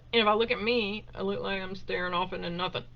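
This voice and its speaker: A woman's voice: medium pitch, steady tone, a little fast, vocal fry, lo-fi sound. A woman chatting casually and emotionally on a home livestream, with lots of fillers and laughter. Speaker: host of a live Q&A stream. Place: at home, indoors. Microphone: webcam on a desktop.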